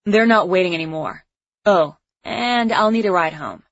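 A woman's voice: fairly low pitch, moderate pace, dry recording, dull audio. A woman reading as an easygoing teasing teenage boy.

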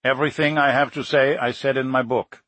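A man voicing a retired submarine commander over sixty with a light German accent, speaking in an even, measured, polite but final way. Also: medium pitch, no room sound, lightly acted. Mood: curt. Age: older.

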